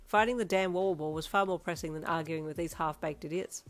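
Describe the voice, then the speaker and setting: A woman narrating a second-person fanfiction audio story in an even storytelling manner. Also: deep voice, fast talker, faint music behind. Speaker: fanfiction reader.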